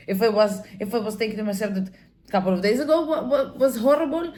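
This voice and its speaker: Woman vlogger, mid-pitched, candid and emotional storyteller who curses freely and trips over her restarts. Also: animated, normal speed, mellow, slight background noise. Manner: talks with many fillers and restarts. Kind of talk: personal storytelling monologue.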